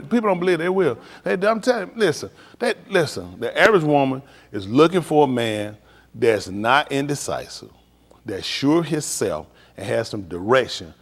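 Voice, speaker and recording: A man's voice: mid-range voice, in a large hall. A middle-aged man, a preacher, giving casual advice on a live stream, telling stories in vernacular and laughing as he goes.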